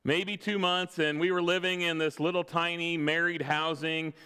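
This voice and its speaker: Youngish pastor guy, kinda high clear voice, funny stories in the sermon, big echoey church hall. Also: little pitch movement, normal speed. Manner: storytelling, self-deprecating humor with quiet laughs. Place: church sanctuary. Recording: long reverb of a large hall.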